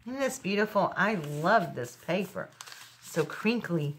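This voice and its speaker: A woman's voice: on the low side, lively intonation, unhurried, a little hiss or hum. A middle-aged woman chatting casually as she unboxes craft gifts, gushing over each item. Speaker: crafting channel host.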